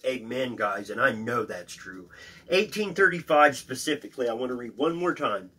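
Man, scripture reading with casual commentary, earnest, bright tone, slightly husky. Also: medium pitch, animated, moderate pace, low-quality recording. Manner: earnest, addresses listeners as guys. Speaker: Bible reading host.

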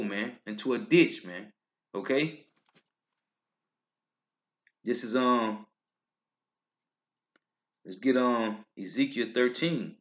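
A man's voice: mid-range voice, bright, forceful tone. A man preaching from scripture in bursts, ending lines with "man, okay?". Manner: emphatic, rising and falling bursts. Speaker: street preacher. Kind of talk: scripture-reading sermon video. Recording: dull lo-fi recording.

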